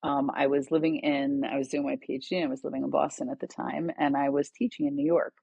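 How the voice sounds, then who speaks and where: A woman's voice: a bass voice, fast, gravelly, breathy edge, no room sound, lo-fi sound. A middle-aged woman, a guest author and educator, telling stories in conversation and acting out the dialogue in them. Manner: animated storyteller, acts out quoted dialogue. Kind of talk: conversational storytelling.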